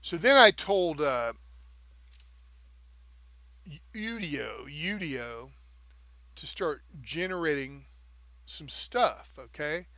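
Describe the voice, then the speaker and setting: A man's voice: on the high side, expressive, slow, pauses often, pushed and bright, no echo. A man co-hosting a live stream, explaining things step by step in casual talk and checking in with the listener as he goes. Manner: taps out rhythms with "da, da".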